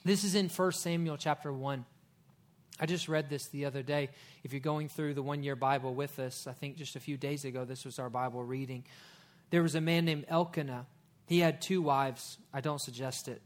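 A man's voice: medium pitch, steady tone, moderate pace. A middle-aged male pastor preaching a sermon in a folksy style, telling stories with joking asides.

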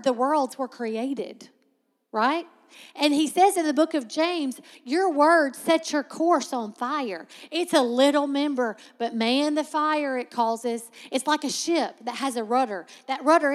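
Speaking high and with a long reverb tail behind her, a female Bible teacher delivers a sermon. Her tone is chatty but forceful, and she slows dramatically to lean on important words.

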